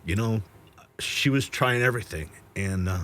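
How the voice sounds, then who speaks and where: A man hosting an interview, earnest and emotional, often pausing and restarting. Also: fairly low pitch, lively intonation, fairly bright tone. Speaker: show host. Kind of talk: interview conversation.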